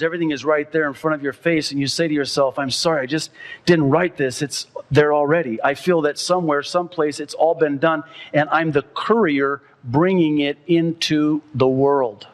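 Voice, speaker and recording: Impassioned male preacher. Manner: impassioned preaching, voice climbing high and loud when stirred. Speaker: pastor. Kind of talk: sermon.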